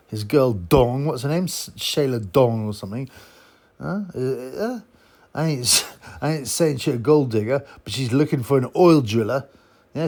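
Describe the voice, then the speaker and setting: A man's voice: medium pitch, a little mellow. A man giving a blunt, mocking, casual monologue as a boxing commentator. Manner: blunt, mocking, chuckling asides.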